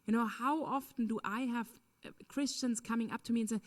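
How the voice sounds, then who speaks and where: A woman's voice: a little high, steady tone, fairly quick, few pauses. A woman speaking at a conference, answering a question in an earnest, emphatic way with frequent "um" and "you know". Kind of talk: lecture Q&A answer.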